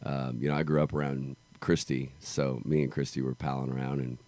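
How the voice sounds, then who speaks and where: Deep-voiced laid-back man, dry mic. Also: level tone, brisk, a little mellow, dry recording. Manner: laid-back, profane, laughs easily. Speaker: touring country musician guest. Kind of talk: casual podcast chat.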